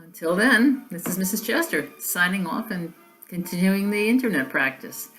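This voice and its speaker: A woman's voice: mid-range voice, lively intonation, normal speed, fairly bright tone. A woman chatting casually to camera from her home in a wry, rambling way, with many asides. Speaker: vlogger. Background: faint classical music.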